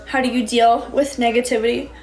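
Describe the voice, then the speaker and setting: A woman with a high, light voice chats on a live stream. She sounds breezy and upbeat as she thanks viewers one by one. The audio is roomy and echoey, with soft music underneath. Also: steady tone, a little fast. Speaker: livestreamer. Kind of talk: casual live-stream chat reading out viewer comments. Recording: echoey room.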